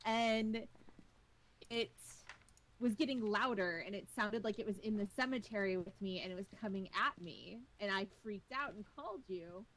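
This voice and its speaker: A woman's voice: medium pitch, brisk, a bit bright, a little hiss or hum, low-quality recording. Chatty young woman telling a spooky story. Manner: rambling, many "like" fillers. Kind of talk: casual storytelling chat.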